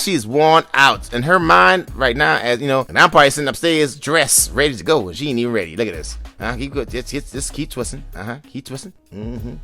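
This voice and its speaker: A man narrates a hair tutorial in a loose, joking voice-over. He teases and coaxes as he talks, in an everyday middle-pitched voice. Soft music plays faintly behind him. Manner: joking, teasing, coaxing, with sung bits. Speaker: husband narrating his wife's hair tutorial. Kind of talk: playful improvised voice-over commentary.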